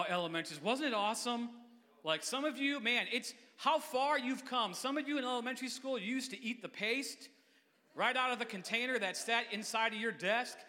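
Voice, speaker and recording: High, bright-voiced youth pastor preaching. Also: male voice. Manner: energetic, playful, quick-talking preacher. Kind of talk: lively sermon. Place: church sanctuary. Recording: long church reverb.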